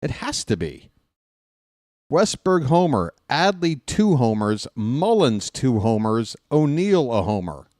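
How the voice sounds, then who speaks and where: A man calling a game as a live fan play-by-play host in a casual, jokey way, jumping from shouted calls to mutters. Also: medium pitch, very animated, slow pace, dry recording, clean studio sound.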